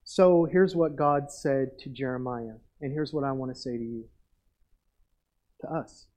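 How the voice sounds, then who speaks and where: A man's voice: mid-range voice, unhurried, darkish tone, poor audio. A middle-aged male pastor preaching a sermon in an earnest way, repeating phrases for emphasis.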